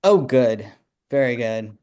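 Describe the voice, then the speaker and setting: A man chatting as a guest in a casual group talk, hesitant and halting with many fillers. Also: mid-range voice, expressive, a little mellow, clear, resonant tone.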